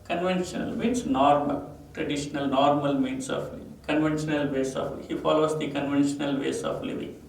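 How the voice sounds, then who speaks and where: A man's voice: a little high, steady tone, normal speed, creaky, darkish tone, far from the mic. A man with an Indian English accent, teaching a vocabulary lesson and repeating each word and its meaning with stress. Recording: echoey room, voice off-mic, faint ambient noise.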